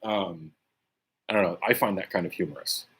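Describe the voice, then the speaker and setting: A man's voice: low voice, normal speed, breathy edge. A man leading a casual Bible study, reading scripture aloud and commenting conversationally with frequent "right?" tags. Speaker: Bible teacher.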